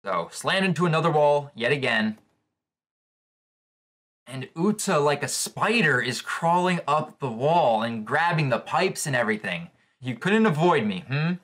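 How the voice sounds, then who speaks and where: Excitable man reacting to a comic. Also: on the high side, unhurried. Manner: excitable, thinks aloud with restarts and laughs. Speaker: comic reaction channel host. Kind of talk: live reaction commentary.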